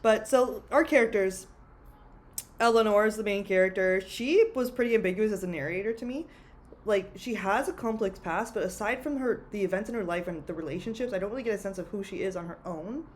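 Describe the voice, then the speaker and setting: A young woman chatting on a book podcast, frank and loose, peppering her talk with filler words. Her voice sits at an ordinary middle pitch, with a faint hiss of background noise behind her. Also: brisk. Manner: chatty, frank, heavy use of "like". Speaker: podcast co-host. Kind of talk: casual book-club chat.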